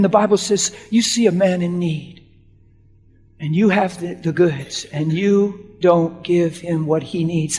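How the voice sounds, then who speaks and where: A man preaching a sermon as a story, acting out the dialogue and swinging between hushed lines and shouts. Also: sits high. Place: church hall. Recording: church hall reverb with faint music.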